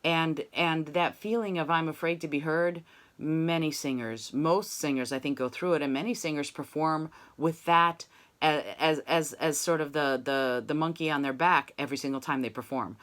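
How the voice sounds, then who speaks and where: Woman voice teacher, low voice, encouraging and reflective, lots of "you know". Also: normal speed. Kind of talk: one-on-one singing lesson.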